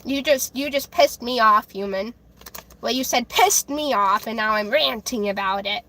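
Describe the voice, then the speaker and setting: A woman livestreaming, ranting angrily to her chat, with halting restarts and repeated words. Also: fairly high pitch, bright, forceful tone. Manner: angry, heated ranting with swearing.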